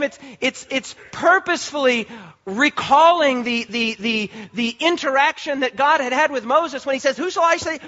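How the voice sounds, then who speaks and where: A man's voice: very high voice, pushed and bright. A man preaching a sermon as pastor, emphatic, with repeated words and restarts. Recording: muffled lo-fi sermon recording.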